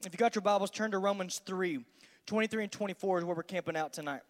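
A man, a student pastor giving an energetic, conversational youth sermon in a large church hall. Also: high voice, quick pace. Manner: energetic, conversational, acts out dialogues. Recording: long hall reverb.

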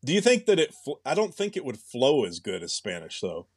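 A man's voice: mid-range voice, wildly swooping pitch, brisk, husky, dry recording, clean studio sound. A young man co-hosting a podcast, chatting casually and thinking aloud with many restarts. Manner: rambling, musing, with frequent restarts. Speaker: podcast co-host. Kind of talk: casual chat.

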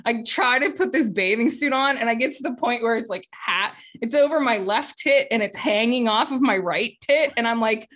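A woman's voice: on the high side, moderate pace, few pauses, fairly bright tone. Woman in her forties telling blunt stories. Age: 40s. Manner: candid, profane storytelling with laughs. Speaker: podcast co-host. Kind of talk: casual chat.

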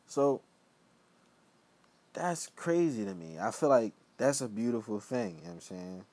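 A man's voice: medium pitch, big pitch swings, a little slow, vocal fry, pauses often, warm tone. A young man, hosting his own show in a loose, rambling solo talk that keeps trailing off into mumbled asides. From Philadelphia. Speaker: podcast host. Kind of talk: casual solo monologue.

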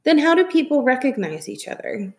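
A woman voicing a gentle, anxious young boy who asks small, pleading questions in a soft, hushed voice. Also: high voice, sing-song, fairly quick, voice pushed up.

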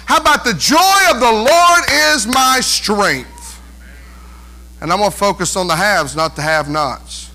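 Male pastor, high voice, preaching a lively sermon, often drops into mocking whiny impressions. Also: a little slow. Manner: animated preaching, mimics whiny voices, calls for amens.

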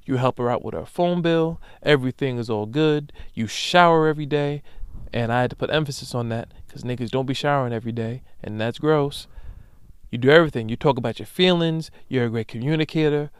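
A young man hosting a solo comedic podcast, ranting emphatically with profanity and loud animated bursts. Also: mid-range voice, brisk, smooth, no echo. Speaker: podcast host.

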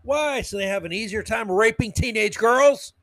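A man's voice: high voice, normal speed, fairly bright tone, no echo, soft background music. A man hosting a podcast, delivering an indignant political commentary monologue full of emphatic repetition. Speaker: podcast host.

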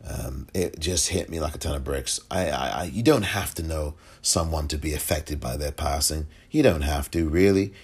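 A man hosting a solo commentary podcast, emotional and halting, often repeating himself. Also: low-pitched. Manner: emotional, halting, repeats himself, audibly moved to near tears. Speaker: podcast host.

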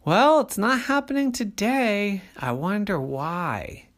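A storyteller voicing a calm, doubtful mother in a children's story. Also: mid-range voice, takes it slowly, voice pushed up.

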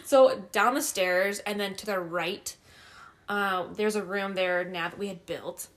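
A young woman tells a spooky story from her own basement in a loose, casual chat. She is animated and swears constantly, laughing as she goes. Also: medium pitch, a little slow.

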